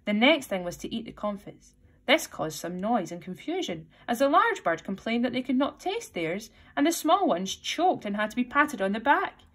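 Teacher lady reading a kids' book aloud, slow clear instructions. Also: on the high side, sing-song, a bit bright. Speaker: primary school teacher.

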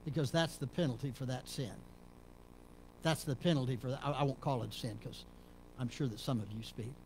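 A middle-aged man from Texas, a pastor preaching a sermon in a church, dropping to low murmurs and rising to loud emphatic peaks. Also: a little fast, a little hiss or hum. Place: church sanctuary.

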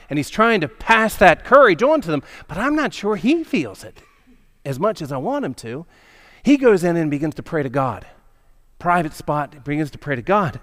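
A male pastor with a fairly high voice tells a story to his congregation in a church. He talks in a loose, conversational way and keeps checking in with the room. His delivery is animated and full of small asides. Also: moderate pace. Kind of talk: storytelling sermon. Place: church sanctuary.

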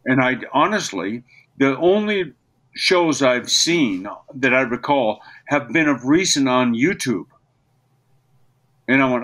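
An older man, a voice actor, telling stories as a podcast guest, lively and given to slipping into character voices. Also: medium pitch, slow. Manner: animated storyteller, slips into character voices. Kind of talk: interview conversation.

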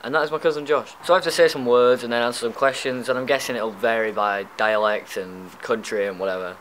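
A man's voice: mid-range voice, steady tone, a little fast, few pauses, a bit bright, a little hiss or hum, poor audio. A young man with a Lancashire accent, chatting casually and bluntly in a vlog, swearing now and then. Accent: northern English, Lancashire. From Lancashire, England. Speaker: YouTube vlogger. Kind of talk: casual chat, doing a tag video.

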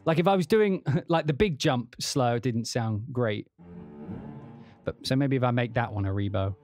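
A man's voice: mid-range voice, normal speed, a little mellow, faint music behind. A man casually walking through a sample library on a livestream, rambling and humming rhythms aloud as he plays at his keyboard. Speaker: composer demonstrating a sample library. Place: home studio at a keyboard.

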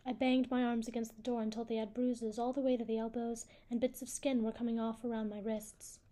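A woman reading a first-person novel aloud in a steady, even way. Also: a little high, brisk. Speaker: audiobook reader.

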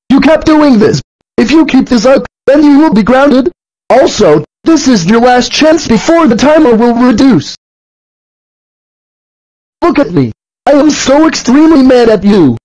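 A man voicing a bossy purple dinosaur who scolds and threatens, in a fan-made cartoon with dull, lo-fi sound. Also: darkish tone. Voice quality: very high-pitched. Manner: scolding, threatening, repeating rules. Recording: dull lo-fi audio.

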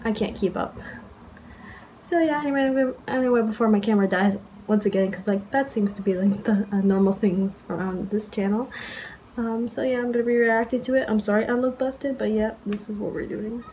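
A woman's voice: a little high, brisk, mellow, a little hiss or hum, low-quality recording. A young woman making a casual reaction vlog, gushing, swearing and squealing as she reacts to music. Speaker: YouTuber reacting to music videos. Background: music playing.

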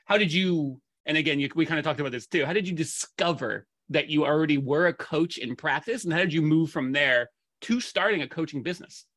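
A man hosting a podcast interview, cheerful and chatty, asking quick follow-up questions. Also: fairly high pitch, a bit bright, no echo. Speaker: podcast host. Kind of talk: casual interview.

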